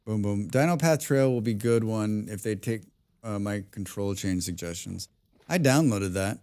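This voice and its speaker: A young man commenting live on a survival game, excitable, talking to himself, humming and swearing between moves. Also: fairly low pitch, normal speed, clear, resonant tone. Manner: excitable, talks to himself, hums and mutters while playing; swears often. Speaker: streamer.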